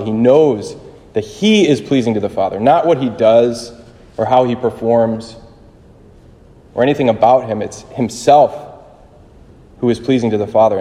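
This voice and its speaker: Male preacher, mellow voice, easygoing halting sermon, long chapel reverb. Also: medium pitch. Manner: conversational, halting, with fillers and restarts. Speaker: priest.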